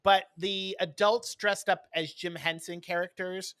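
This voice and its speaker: Bright-voiced man telling snarky stories. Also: high-pitched, fairly even intonation, unhurried, no room sound. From New York. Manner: blunt, snarky storytelling. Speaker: podcast co-host. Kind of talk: casual chat.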